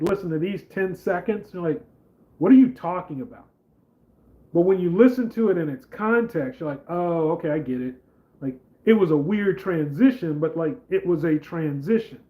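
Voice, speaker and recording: A man's voice: high voice, muffled recording. A man hosting a casual political livestream, rambling with lots of "like" and reading out viewer comments. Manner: rambling, filler-heavy, reads out viewer comments. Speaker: livestream host.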